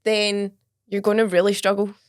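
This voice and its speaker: A woman's voice: mid-range voice, level tone, moderate pace, no room sound. Candid Scottish woman, dry close sound. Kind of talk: casual podcast chat.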